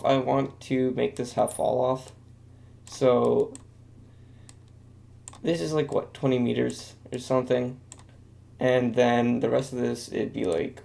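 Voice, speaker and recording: A young man talks through his game ideas in a rambling, self-deprecating way, full of ums and asides. His voice is gravelly and mellow, and he speaks into a desk microphone at his computer. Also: mid-range voice. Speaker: video game commentator. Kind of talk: casual commentary while drawing.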